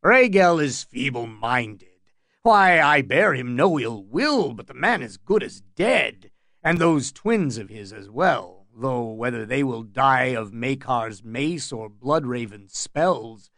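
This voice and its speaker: A man's voice: medium pitch, animated, slow pace, a bit bright, no room sound, clean studio sound. A man reading as a blustering old knight. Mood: grumbling. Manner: indignant, blustering. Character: boastful grumbling middle-aged hedge knight. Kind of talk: audiobook reading.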